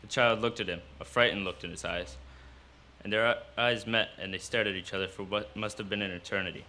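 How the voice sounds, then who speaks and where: A man reading his own fiction aloud at a live cafe event, in steady storytelling narration. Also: fairly low pitch, fairly quick.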